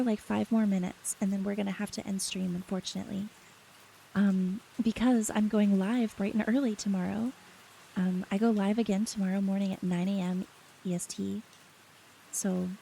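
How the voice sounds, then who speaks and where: Young woman streamer, soft mellow voice, giggly late-night chat, faint hiss and rain behind. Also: medium pitch, rough recording.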